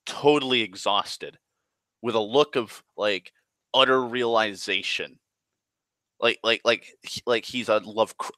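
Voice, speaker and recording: A man tells a story from a tabletop game in a loose, rambling way, swearing often and stumbling through restarts. His voice sits low and sounds bright and forceful. The recording is dry and close. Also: no room sound. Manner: rambling, profane, heavy on "like" fillers and restarts. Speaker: tabletop game player recounting a session. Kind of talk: casual spoken storytelling.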